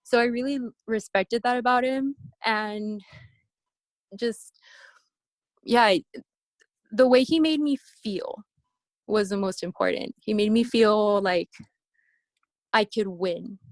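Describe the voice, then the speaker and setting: A woman telling stories from her competition days in a casual interview, acting out quoted voices with animated high-pitched bursts. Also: a little slow, long pauses, no room sound. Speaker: interview guest, bikini competitor. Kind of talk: casual storytelling.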